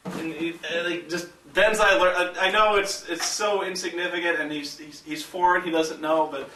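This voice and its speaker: A man hosting a vlog, telling a story in a casual, animated and profane way, laughing as he goes. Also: a little high, normal speed, a little hiss or hum. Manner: animated, profane, laughs through his stories. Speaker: vlog host. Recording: echoey room, mic at a distance.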